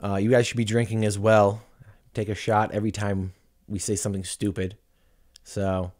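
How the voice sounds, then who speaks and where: A man's voice: on the low side, flat delivery, normal speed, a little mellow. A man hosting a casual podcast chat, joking and laughing at his own lines. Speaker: podcast host.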